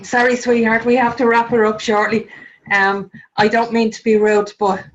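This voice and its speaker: A woman's voice: on the high side, little pitch movement, moderate pace, highs cut off, slight background noise. A woman hosting a round-table discussion, speaking in an earnest, chatty way full of fillers. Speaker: host.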